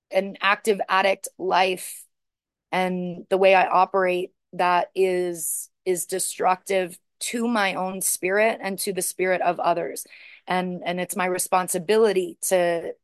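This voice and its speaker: A woman's voice: on the low side, level tone, slow pace, clear, resonant tone, no echo, studio quality. A woman sharing her recovery story, searching and repetitive, with many restarts and rising emotion. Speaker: recovery speaker. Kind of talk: personal share talk.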